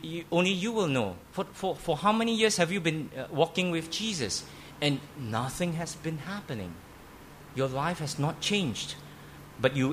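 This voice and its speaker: A man's voice: on the high side, a bit bright, a little hiss or hum. A man preaching a sermon as pastor in a church, emphatic, often repeating and restarting words.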